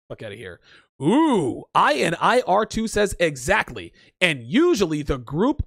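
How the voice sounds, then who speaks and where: A man's voice: high-pitched, no room sound, studio quality. A man hosting a livestream show, talking casually in a crude, profane, blunt way as he reads viewer comments aloud and reacts to them. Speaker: podcast host.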